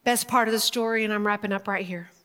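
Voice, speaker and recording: A woman preaching a sermon in an emotional, emphatic way, laughing and pausing as she speaks. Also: mid-range voice, steady tone, pushed and bright. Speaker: speaker at a women's gathering. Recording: long hall reverb.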